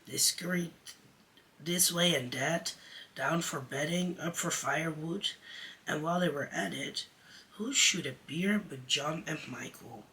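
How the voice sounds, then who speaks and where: A man's voice: on the high side, bright, forceful tone, far from the mic, a little hiss or hum, low-quality recording. A man who performs in drag, reading a children's classic aloud chapter by chapter as a storyteller. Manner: slow, deliberate reading.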